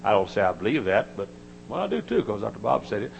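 An older man preaching a sermon, telling folksy stories and climbing into high, emotional quoted voices. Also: very animated, fast, creaky, highs cut off, a little hiss or hum.

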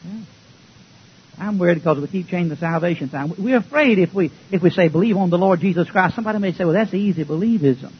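An older man preaching a folksy, joking sermon, swinging between loud outbursts and low mutters. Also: fast talker, breathy edge, highs cut off.

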